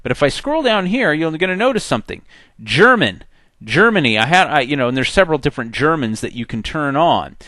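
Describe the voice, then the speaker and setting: A man teaching a software tutorial in a chatty way, acting out the program's messages in little voices. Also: a little high, big pitch swings, brisk, no echo. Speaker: software instructor. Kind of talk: screen-recorded software tutorial.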